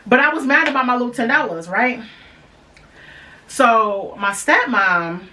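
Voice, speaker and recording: A woman's voice: fairly high pitch, animated, unhurried, bright, forceful tone, recorded from a distance. A young woman hosting a podcast, telling a personal story in a chatty way, speaking straight to her listeners with lots of fillers and restarts. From Michigan. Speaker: podcast host.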